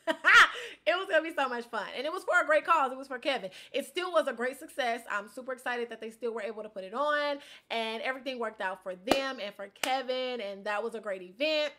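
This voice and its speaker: A young woman vlogger, from Inglewood, telling a casual life update in an animated, slangy way, with loud outbursts and low asides. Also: brisk, very noisy. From Inglewood, California.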